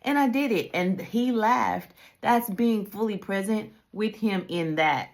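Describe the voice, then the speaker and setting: A woman's voice: mid-range voice, a little slow. A middle-aged woman hosting a casual reflective talk, telling candid stories and acting out quoted voices. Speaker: host.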